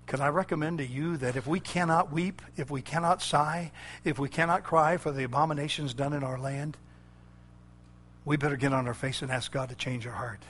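A male preacher delivering a fiery sermon in a fairly high voice. He builds through repeated, hammering phrases and shouted lines, then drops to a low, grave intensity. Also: steady tone, fairly quick, slight background noise. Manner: impassioned, swinging from loud shouting to low intense tones; repetitive emphatic cadence.

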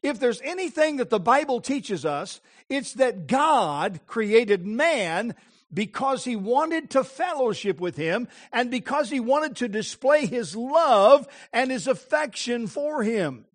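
A male preacher giving an impassioned sermon, with emphatic phrasing and dramatic pauses. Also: extremely high pitch, very animated.

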